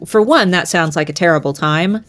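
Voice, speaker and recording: A woman's voice: lowish voice, moderate pace, a bit bright. Chatty young woman podcast co-host. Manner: chatty, laughs often, trails off mid-sentence. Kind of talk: casual book discussion chat.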